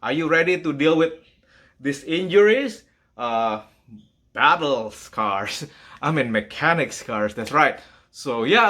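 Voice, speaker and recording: A hobbyist car mechanic, a man, talking casually to camera in his home garage, excitable and fond of rhetorical questions. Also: a little high, unhurried. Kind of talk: casual vlog talk to camera.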